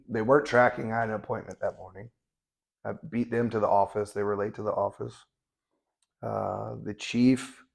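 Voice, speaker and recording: A man's voice: on the low side, gravelly. A man in his thirties, a veteran Navy corpsman, telling his story bluntly and matter-of-factly, with frequent restarts. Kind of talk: candid conversational storytelling.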